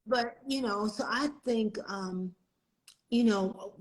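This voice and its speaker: A woman's voice: medium pitch, takes it slowly, poor audio. A middle-aged woman co-hosting a live stream in casual chat, laughing often and talking with many fillers and restarts. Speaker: executive director and co-host. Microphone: video call.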